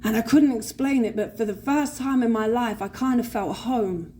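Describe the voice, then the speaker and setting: Her voice is on the high side with a dark tone and normal speed, and a little hiss or hum sits in the audio. She is a London-accented woman giving a live recovery share to a convention hall audience, swearing freely and playing the other voices in her story.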